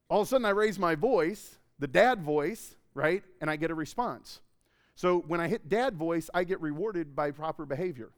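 A male pastor preaching a sermon in a church, conversational and joking, with sudden loud bursts of emphasis. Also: high voice, smooth. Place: church auditorium.

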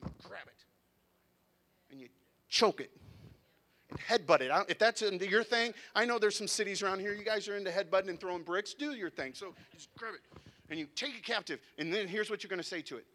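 A man in his thirties preaching a sermon, animated and conversational, with sudden drops to a hush. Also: sits high, brisk. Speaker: pastor. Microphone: handheld mic, sometimes set down.

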